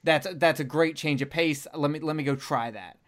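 Excitable, swearing podcast host. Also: male voice, fairly high pitch, normal speed. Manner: enthusiastic, swears freely. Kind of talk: casual podcast chat.

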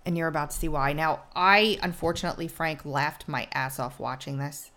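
A woman's voice: steady tone, brisk, fairly bright tone. A woman hosting a talk show, setting up clips with chatty, wry commentary. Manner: chatty, wry, drops to low asides. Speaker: show host. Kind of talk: casual commentary.

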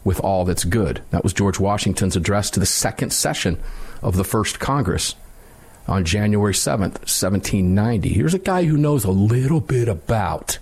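A middle-aged man from Michigan hosting a talk radio show, chatting and telling stories in an animated way. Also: on the low side, normal speed, breathy edge. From Michigan, USA. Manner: chatty storyteller, animated retellings. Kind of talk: casual radio chat.

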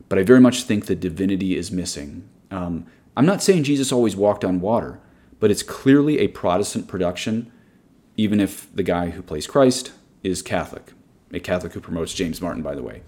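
A man's voice: low-pitched, animated, a little fast, mellow. A man preaching a meditative sermon in an earnest, digressive, opinionated way. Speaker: Catholic preacher. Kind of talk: sermon-style guided meditation.

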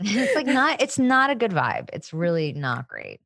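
Lively sarcastic woman, dry sound. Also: mid-range voice, dry recording. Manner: sarcastic, acts out scenes in quick voices. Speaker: podcast co-host. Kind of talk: casual recap chat.

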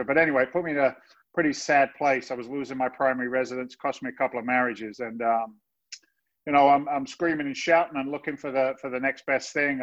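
A man in his fifties from England with a London accent softened by Boston, chatting as an interview guest in a chatty, self-mocking way. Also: mid-range voice. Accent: London English softened by Boston. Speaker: guest, real estate investor. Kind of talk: casual interview chat. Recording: dull, muffled audio.

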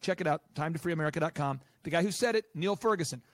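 A man being interviewed as a business coach and podcast host, talking in an animated, emphatic, rapid-fire way. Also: fairly high pitch, dry recording.

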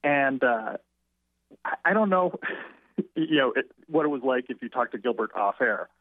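A man who is a writer and interview guest, telling an anecdote in a rambling, halting way with frequent restarts. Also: mid-range voice, lively intonation, no room sound. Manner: halting, self-correcting. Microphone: telephone. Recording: tinny phone line.

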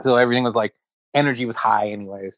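Animated joking man telling stories. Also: medium pitch, racing, no room sound. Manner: animated anecdote-teller who keeps acting out quotes; laughs often mid-story. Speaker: comedian and writer, guest. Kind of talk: casual storytelling chat.

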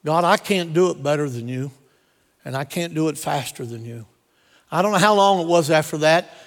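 A man with a somewhat high voice preaches in a church, hammering each point home with repeated phrases. His voice rings out with a long hall reverb around him. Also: normal speed. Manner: repetitive emphatic preaching cadence. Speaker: pastor. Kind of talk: sermon with storytelling. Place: church sanctuary.

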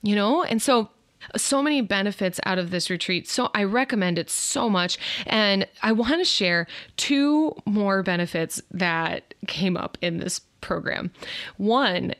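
A woman, hosting her own podcast in an upbeat, expressive, chatty way. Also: medium pitch, unhurried, no room sound, studio quality. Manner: upbeat, expressive, says "y'all". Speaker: podcast host. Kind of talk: casual solo podcast talk.

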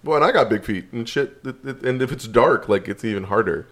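A man's voice: medium pitch, fairly quick, a bit bright. A man telling a story in casual chat, rambling and laid-back, swearing now and then.

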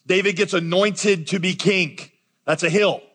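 Man, pastor, conversational and animated sermon, light high voice, long hall reverb. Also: unhurried. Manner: conversational, animated preaching with asides to the congregation. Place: large church auditorium.

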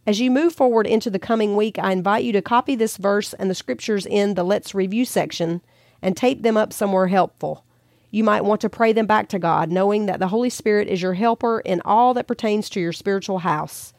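A gentle woman reading a devotional. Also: medium pitch, brisk, no echo, clean studio sound. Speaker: podcast host and author.

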